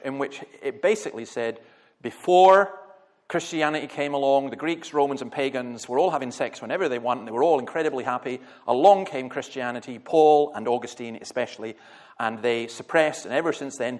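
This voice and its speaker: A Scottish man in middle age preaches to a congregation, his voice pitched a little high for a man. He talks bluntly and with passion, breaking into dry humour and quick anecdotes. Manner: passionate, blunt, humorous storytelling. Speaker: minister. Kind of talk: church talk to a congregation.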